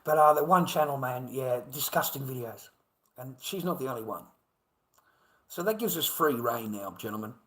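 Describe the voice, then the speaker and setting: A man's voice: mid-range voice, lively intonation, normal speed, a bit bright, low-quality recording. A middle-aged man with an Australian accent, rambling through a profane livestream monologue and calling his viewers mate.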